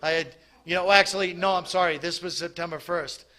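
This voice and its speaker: A man giving a halting personal testimony at a recovery meeting, full of restarts and pauses. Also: high voice, steady tone, sharp tone. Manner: halting, many restarts and ums.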